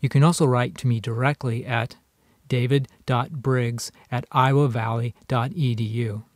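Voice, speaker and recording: A man, a college writing instructor, giving a recorded online lecture and reading example sentences slowly and deliberately. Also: mid-range voice, steady tone, no room sound, studio quality.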